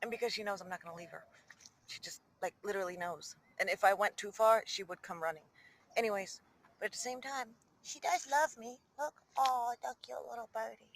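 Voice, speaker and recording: A woman's voice: medium pitch, fairly quick. A woman filming on her phone outdoors, chatting in doting baby talk to her pet goose and to her viewers. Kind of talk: casual chat. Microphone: handheld phone.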